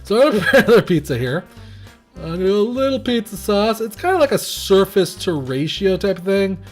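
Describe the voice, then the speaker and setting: A young man rambles through a game review in a loose, conversational way, full of fillers and restarts. His pitch sits a little high and swings widely as he talks, with faint music underneath. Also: sing-song, a little fast. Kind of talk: casual gameplay commentary.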